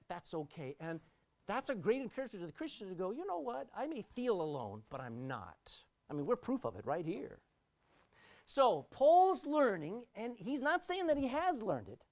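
A woman preaching a sermon, swinging her voice up and down for emphasis and often repeating words as she restarts. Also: on the high side. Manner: expressive, rising and dropping sharply for emphasis.

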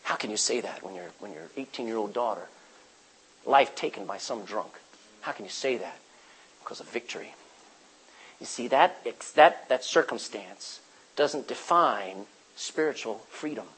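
A man preaching a sermon as pastor, emphatic, swinging from loud declarations to hushed, quiet passages. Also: medium pitch, animated, moderate pace, pauses often, slightly rough, poor audio.

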